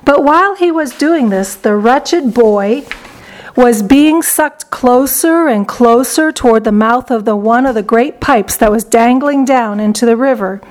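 A woman reading a children's story aloud, with a high voice and lively, expressive narration. She carries the scenes along steadily between the characters' lines. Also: a little slow.

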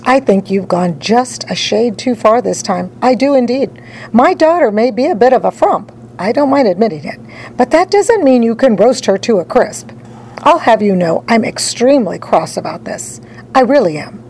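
A stuffy, pompous father huffs in a low, grumbling tone, as a woman puts him on. He sounds indignant, and his voice sits lower than the reader's own. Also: animated, moderate pace, a little mellow, slight background noise, low-quality recording. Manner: pompous, huffy.

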